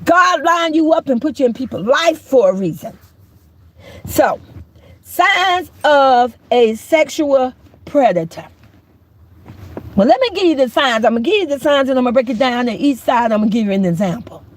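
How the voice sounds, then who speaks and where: Loud, animated middle-aged woman ranting. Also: high-pitched, moderate pace. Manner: emphatic, preachy, often shouting. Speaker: YouTube commentator. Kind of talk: call-out commentary rant.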